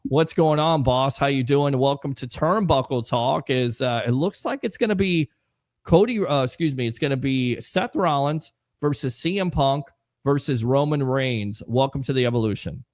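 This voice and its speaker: A man's voice: mid-range voice, normal speed, a little mellow, no room sound, clean studio sound. A man hosting a casual sports talk show, reading viewer comments aloud in a loose, chatty way. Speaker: host.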